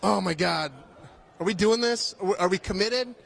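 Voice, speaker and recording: High-voiced joking man walking a convention. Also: normal speed, vocal fry, a bit bright. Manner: joking, rambling, swears casually. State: tired, a bit out of breath. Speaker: live stream host. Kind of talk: casual walk-and-talk chat. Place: busy convention hall.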